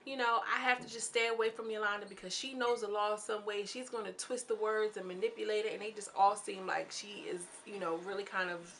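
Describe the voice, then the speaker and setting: A woman's voice: steady tone, brisk, hardly any pauses, a bit bright, a little hiss or hum. A young woman casually recapping a reality show, chatty and candid, often acting out what the people said. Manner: chatty and candid, acting out quoted lines with swings in pitch.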